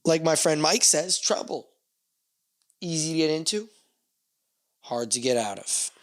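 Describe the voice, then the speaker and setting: A man's voice: on the high side, expressive, measured pace. Rambling, profane man with a New Jersey accent. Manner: rambling, profane, joking asides. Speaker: podcast host. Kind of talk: casual solo podcast chat. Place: small dusty backyard shed.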